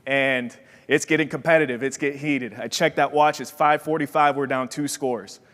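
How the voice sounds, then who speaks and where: A young man from Wisconsin giving a motivational talk as keynote speaker, an energetic storyteller who acts out the voices in his story. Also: medium pitch, normal speed. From Wisconsin, USA. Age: young adult. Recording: long hall reverb.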